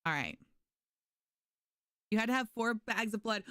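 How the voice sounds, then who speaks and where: A woman's voice: medium pitch, a little slow, pauses often, fairly bright tone, smooth, no echo, studio quality. A woman streaming a game live, chatting casually with viewers and thanking them by name. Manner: frequent restarts and fillers. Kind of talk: casual live gameplay commentary.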